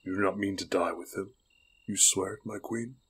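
A man's voice: low-pitched, steady tone, normal speed, fairly bright tone, slight background noise. A man reading the part of a loyal middle-aged knight in an audiobook, pleading earnestly with his queen.

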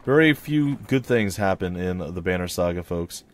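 A man's voice: deep voice, expressive, moderate pace. Laid-back man commenting on gameplay. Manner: chatty, reads in-game text aloud and voices characters lightly. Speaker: let's play host. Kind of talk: casual gameplay commentary with dialogue read aloud.

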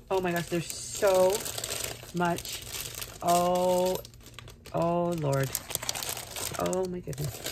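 A woman's voice: fairly low pitch, animated, slow pace, vocal fry. A woman hosting a craft unboxing vlog, gushing and gasping over each item, sometimes dropping to a whisper. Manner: gushing, gasping, repeated exclamations; drops to a whisper at times. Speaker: craft channel host. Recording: noisy room with paper crinkling.

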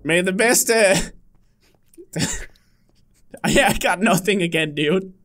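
A man hosting a casual gaming video, excitable and quick to yelp and laugh at surprises. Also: sits high.

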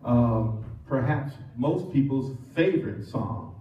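A man's voice: mid-range voice, lively intonation, slow, muffled recording. A man preaching a sermon as pastor, leading his congregation to repeat phrases back to him. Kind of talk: call-and-response sermon. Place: church sanctuary. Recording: echoey church, mic from some distance.

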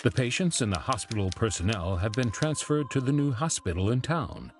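An actor playing a kindly, solemn old male town priest in a video game, speaking slowly and gravely. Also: mid-range voice, animated, faint music behind, close to an everyday voice. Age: older.

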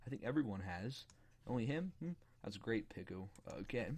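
Male let's-player, mid-pitch, rambling and giggly, excitable outbursts. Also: moderate pace, breathy edge. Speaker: gaming YouTuber. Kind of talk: let's play commentary.

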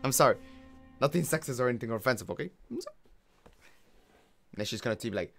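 A man's voice: medium pitch, big pitch swings, fast talker, gravelly, a bit bright, faint music behind. A man streaming a video game, talking casually and rambling while often laughing at his own jokes. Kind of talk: casual gameplay commentary.

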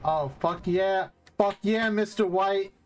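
A man's voice: high voice, slow. A young man playing a video game on stream, casually chatting, swearing often and cooing at an in-game dog. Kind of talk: casual let's-play commentary.

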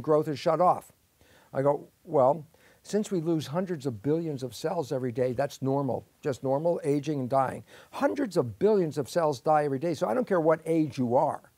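A man's voice: fairly high pitch, darkish tone, no echo. An older man explaining science in an interview, telling it as a story where he asks and answers his own questions. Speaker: guest expert.

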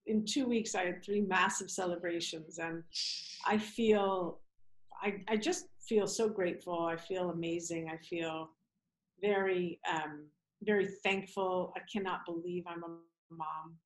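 A woman's voice: fairly low pitch, steady tone, measured pace, rough recording. A woman from New York with an American accent, a podcast guest chatting over a video call in an effusive, heartfelt way. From New York City. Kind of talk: casual video-call chat.

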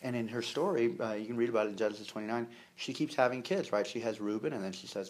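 A man with a lowish voice preaches a sermon at a quick clip with few pauses. He keeps it conversational and humorous, acting out quotes and leaning on lots of fillers and repeated words.

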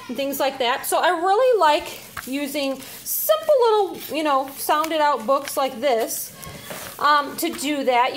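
A woman teacher casually demonstrating reading activities, slightly out of breath, pausing often with "um". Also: high-pitched, slight background noise. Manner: chatty, with frequent "um" pauses while handling letters.

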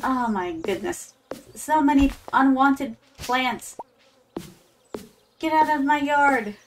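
In a slow, high-sitting voice, a woman VTuber chats her way through a farming game, calling her viewers "my darlings" and sprinkling in Japanese. There is slight background noise.

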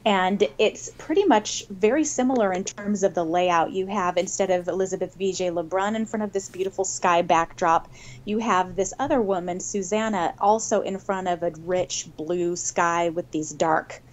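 A woman's voice: lowish voice, normal speed. Woman explaining art as a podcast guest. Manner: explanatory, laughs easily. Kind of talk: casual podcast chat.

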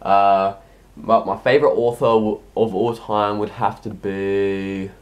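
A man's voice: lowish voice, steady tone, a little slow, dull audio. Rambling sick teenage boy. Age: teens. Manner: rambling, hesitant, heavy with ums and restarts. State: sick, coughing. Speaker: YouTuber answering viewer questions. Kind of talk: casual Q&A vlog.

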